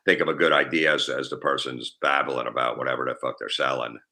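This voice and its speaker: A middle-aged man and comedian telling prank call stories in a casual podcast chat, acting out both sides of each call. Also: rumbling low. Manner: fast, animated storytelling, acting out both sides of phone calls.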